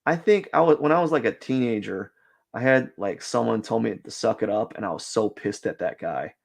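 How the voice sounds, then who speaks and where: Here a young man speaks quickly and animatedly in a fairly low, gravelly voice. He's chatting on a drawing livestream, wandering off topic, making fun of himself, and stumbling through fillers and restarts.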